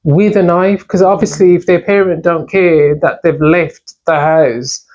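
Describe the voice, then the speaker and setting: A woman's voice: on the low side, fairly even intonation, a little slow, highs cut off, a crowd in the background. A woman co-hosting a podcast, speaking earnestly and emphatically in casual talk. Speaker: podcast co-host. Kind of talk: casual discussion.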